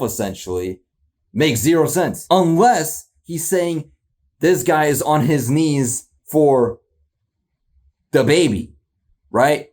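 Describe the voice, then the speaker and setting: A man's voice: on the high side, sing-song, slow, long pauses, a little mellow. A man hosting a reaction video, talking in a loose, rambling way, asking incredulous questions and laughing often. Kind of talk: casual reaction commentary.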